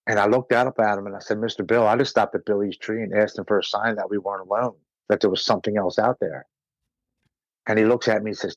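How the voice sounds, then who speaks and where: A low-pitched American man tells his recovery story on a podcast, earnest and emotional, sometimes stumbling over repeated words. The sound is close and dry, with no room echo. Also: fairly even intonation, quick pace. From United States. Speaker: podcast guest. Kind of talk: personal recovery story told in conversation.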